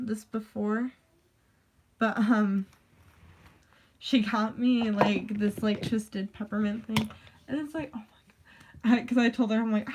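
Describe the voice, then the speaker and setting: A woman's voice: a little high, darkish tone, slight background noise. A woman chatting casually in a vlog, rambling with lots of "like" and casual swearing. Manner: rambling, full of "like" fillers. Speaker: vlogger. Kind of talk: casual chat.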